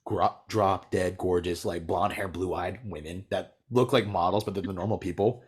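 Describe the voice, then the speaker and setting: A young American man chatting casually, telling a rambling story full of "like" and quick laughs. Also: low-pitched, steady tone, breathy edge. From United States. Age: young adult. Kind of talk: casual chat.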